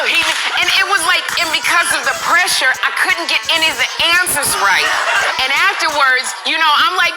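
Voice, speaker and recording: A woman telling a lively story on a talk show, laughing as she goes. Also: high voice, brisk, very noisy. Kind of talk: animated storytelling.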